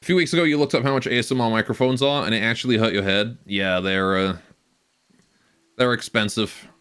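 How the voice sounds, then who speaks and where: A man's voice: fairly low pitch, fairly quick, fairly bright tone, smooth. A young man casually commenting on his game live, rambling, joking and often laughing, on a close cheap stage mic. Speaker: game streamer.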